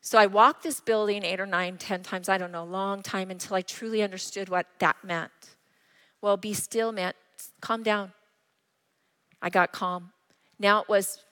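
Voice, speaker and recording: A woman's voice: medium pitch, fairly even intonation, moderate pace, a bit bright. A middle-aged woman pastor preaching a sermon, telling personal stories in an earnest way. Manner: personal, earnest storytelling with acted quotes. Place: church. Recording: long reverb of a church hall.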